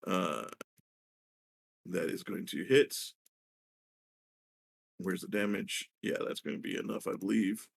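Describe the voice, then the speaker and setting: A man narrating as dungeon master of a tabletop game, halting with many filler pauses. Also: low-pitched, gravelly.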